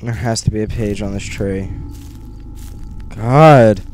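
A young man giving nervous let's play commentary on a horror game, muttering to himself and bursting into panicked yelps, recorded on a gaming headset in a dark room. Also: on the low side, slow pace, faint music behind. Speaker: gamer.

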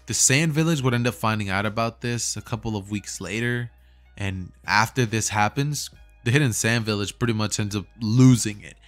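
Low-pitched male narrator, casual fan-story telling, faint music underneath. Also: normal speed. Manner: casual, with fillers and restarts.

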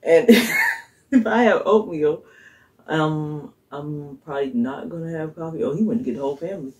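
A woman's voice: low-pitched, moderate pace, low-quality recording. A woman chatting casually to her viewers in her home kitchen, rambling as she thinks aloud and chuckling often. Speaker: vlogger. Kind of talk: casual vlog chat to viewers.

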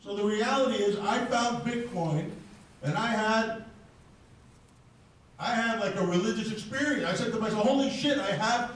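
A man with a high voice delivers a combative, profane rant to a live audience. He is heard from a distance, and the room rings with heavy echo around every word. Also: normal speed, long pauses, a bit bright, a little hiss or hum. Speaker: speaker at a crypto event. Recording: very echoey, distant mic in a hall.

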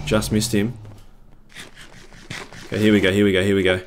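A man's voice: lowish voice, fairly even intonation, moderate pace, pauses often, music in the background. A man commentating his own gameplay live, swinging between panic and cheering. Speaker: gaming video creator.

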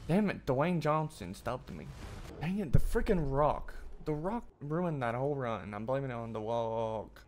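An excitable man commentates his own gameplay, swinging from muttered asides to loud yelps and curses aimed at the game. His voice sits in an ordinary middle pitch, with a faint hiss of background noise under it. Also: measured pace. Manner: excitable, swearing, talks to the game. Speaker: streamer. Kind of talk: gaming commentary.

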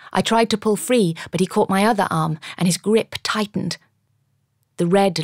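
A woman's voice: lowish voice, vocal fry, dry recording, studio quality. A woman narrating an audiobook in the first person, with dramatic storytelling.

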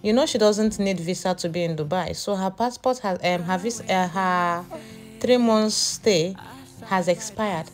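A woman's voice: medium pitch, unhurried, faint music behind. A woman narrating a casual family vlog, chatty and tired, often calling her viewers guys. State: tired, exhausted. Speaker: family vlogger.

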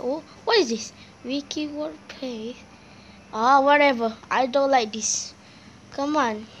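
A woman hosting a gaming video, commenting in a halting, simple way, easily spooked and often calling out to her viewers. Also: sits high, slight background noise. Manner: halting, simple phrasing, often calls out to "guys". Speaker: gaming channel host. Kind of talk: let's-play commentary. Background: game music.

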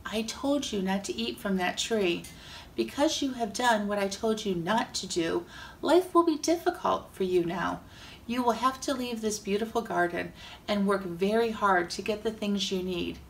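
A woman voicing God in a children's Bible story, calling out and speaking gravely. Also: medium pitch, moderate pace, a little hiss or hum, close to an everyday voice, low-quality recording. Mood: stern. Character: God, calm, stern creator.

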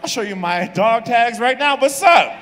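A young male comedian works a club crowd with crude, animated bits, often laughing at his own jokes. His voice sits high and swings widely. A long reverb hangs on every line, with faint room noise behind him. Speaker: stand-up comedian. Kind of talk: stand-up set.

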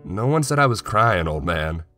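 A man's voice: lowish voice, very animated, moderate pace, fairly bright tone, soft background music. A man voicing an impatient eighteen-year-old grandson. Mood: huffy.

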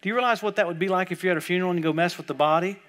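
A man preaching a sermon at a church service, telling stories and swinging between quiet asides and loud, emphatic bursts. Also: high voice, very fast.

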